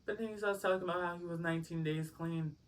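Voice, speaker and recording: A man's voice: on the high side, steady tone, fast. Man, storytime vlogger, rambling, filler-heavy, dramatic asides, slightly distant mic. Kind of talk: casual storytime chat.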